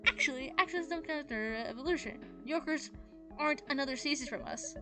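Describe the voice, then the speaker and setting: Clowning teen girl read by a woman, goofy and loud, higher voice, game music underneath. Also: expressive, brisk. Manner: goofy, joking. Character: playful clowning teenage girl.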